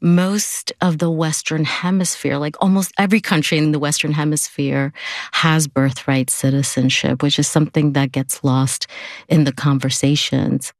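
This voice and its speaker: Brief: female author guest, low voice, reflective conversational answers, dry sound. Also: little pitch movement, moderate pace, no room sound. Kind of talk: interview answers.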